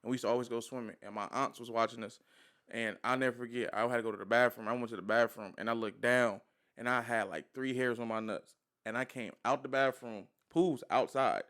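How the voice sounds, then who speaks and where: A young man on a podcast, telling animated stories with laughter and lots of repetition. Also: medium pitch, a little fast. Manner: animated storyteller, repeats himself, laughs mid-sentence. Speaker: podcast co-host. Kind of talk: casual chat.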